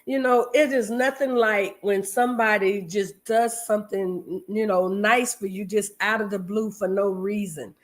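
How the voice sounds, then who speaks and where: A woman co-hosting a marriage talk show, telling stories straight to her listeners in a lively way, a bit congested from a cold. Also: mid-range voice, measured pace, hardly any pauses. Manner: lively storyteller, addresses listeners directly. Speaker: marriage podcast co-host. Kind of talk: casual chat to listeners.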